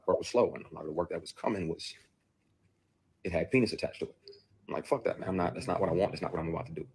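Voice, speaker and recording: A man's voice: low-pitched, fairly even intonation, racing, darkish tone, slightly rough. A man, an actor, bluntly and emotionally recounting a personal ordeal, with profanity. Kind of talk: played clip of a personal account.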